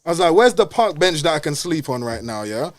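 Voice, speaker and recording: A man rattles through a story at speed, his voice sitting high. He talks in loose street slang, swears freely and keeps the telling animated, as casual podcast chat. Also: brisk, no echo.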